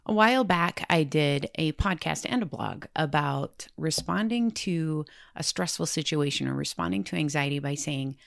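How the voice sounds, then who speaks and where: A woman hosting a podcast, talking earnestly and reflectively about handling stress, growing quicker when she gets worked up. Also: low voice, expressive, gravelly, dry recording, clean studio sound. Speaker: podcast host. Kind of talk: casual self-help talk.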